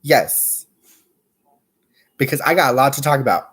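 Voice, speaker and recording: Man, craft livestream host: sassy, gossipy, mid-pitched, chats with viewers. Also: lively intonation, measured pace, fairly bright tone, slightly rough. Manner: chatty and sassy, with playful asides. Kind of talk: casual livestream chat.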